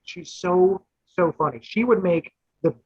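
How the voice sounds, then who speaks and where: A man, a guest contestant, telling a rambling, animated anecdote in casual chat. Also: high voice, unhurried, breathy edge, no echo. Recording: dull lo-fi dry audio.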